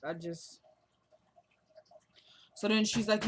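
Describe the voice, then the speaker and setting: A woman's voice: medium pitch, normal speed, a bit bright, a little hiss or hum. A woman giving a casual, chatty recap of a TV episode, speaking straight to her viewers and retelling the dialogue scene by scene. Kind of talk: casual show recap vlog.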